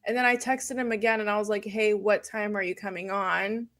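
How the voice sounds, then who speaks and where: A woman's voice: medium pitch, fairly even intonation, brisk, fairly bright tone. A woman on a podcast talking casually, apologetic and rambling.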